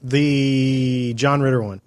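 A man's voice: medium pitch, fairly even intonation, slow pace. A man hosting a casual interview, prompting his guest with short questions. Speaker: podcast host.

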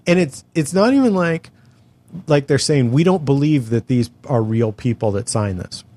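A man's voice: mid-range voice, animated, normal speed, dark tone, dry recording. A middle-aged man from California telling a long story in casual chat, exasperated and full of profanity. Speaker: podcast co-host telling a story.

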